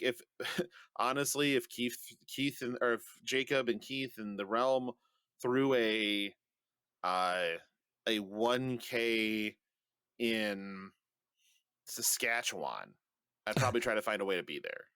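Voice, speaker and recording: A man's voice: medium pitch, takes it slowly, fairly bright tone, clean tone, no echo, clean studio sound. A man co-hosting a podcast in casual chat, joking and swearing bluntly. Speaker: podcast co-host.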